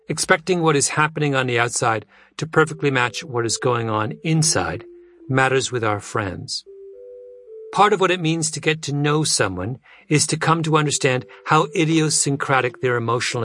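A man reading a nonfiction audiobook in a measured way, letting his pitch fall low at the end of phrases. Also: fairly bright tone. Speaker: narrator. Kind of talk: scripted nonfiction audiobook narration.

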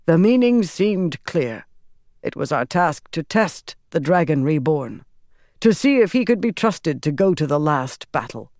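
A narrator voicing a grave man who intones a prophecy in a raised, measured voice. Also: mid-range voice, big pitch swings, darkish tone, dry recording, clean studio sound. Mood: even.

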